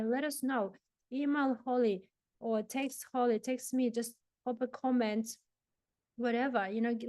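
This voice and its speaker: Gentle woman sleep coach, slightly high. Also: no echo. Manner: gentle, instructive, hesitant restarts. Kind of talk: guided relaxation talk.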